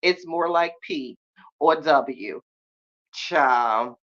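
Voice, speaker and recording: Sassy laughing woman podcaster, lowish voice. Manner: sassy, animated, laughs often; drawn-out exclamations and slangy asides. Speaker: podcast host. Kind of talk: casual live-stream chat, reacting to viewers. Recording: slightly muffled lo-fi sound.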